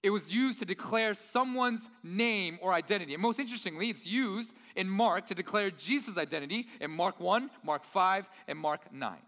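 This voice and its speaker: A man's voice: high-pitched, lively intonation, moderate pace, few pauses, pushed and bright. A man preaching a sermon in a church hall, talking in an enthusiastic, nerdy, conversational way. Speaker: pastor.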